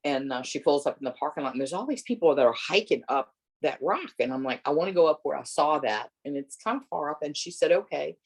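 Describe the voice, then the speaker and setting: Middle-aged woman, interview guest, expressive storyteller who acts out dialogue. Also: fast talker, slightly rough. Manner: animated, acts out voices with big pitch jumps and laughter.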